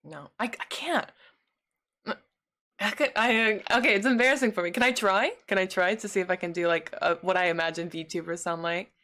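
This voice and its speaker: A woman's voice: mid-range voice, a little fast, sharp tone. Casual female streamer, chatty and giggly, reading and answering chat. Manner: laughs often, chatty, answers chat messages. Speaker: livestreamer.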